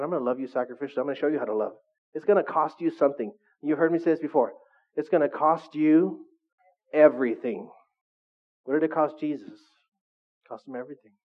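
Middle-aged male pastor, chatty sermon style, higher voice, phone-like thin sound. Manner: conversational preaching, asks the audience questions.

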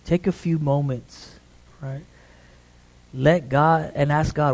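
A middle-aged man preaching a sermon in a relaxed, conversational way, often checking in with the congregation. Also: on the high side, takes it slowly, pauses often. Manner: conversational, repeats "right?" to the congregation.

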